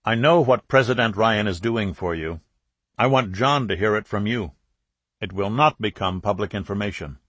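A calm reporter who talks steadily and reassuringly, in a low voice that a male narrator gives him. It sounds close and dry. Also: normal speed, no room sound.

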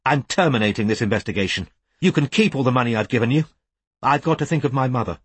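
A man reading an audiobook, voicing an agitated thin male client who shouts in a high voice that cracks into falsetto. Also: lively intonation, fast, slightly rough, dry recording. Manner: furious accusing outbursts.

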